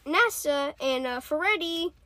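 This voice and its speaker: A woman's voice: high voice, expressive, a little slow, bright, forceful tone, no room sound. A woman co-hosting a podcast, chatty and giggly, recapping with lots of fillers. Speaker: podcast co-host.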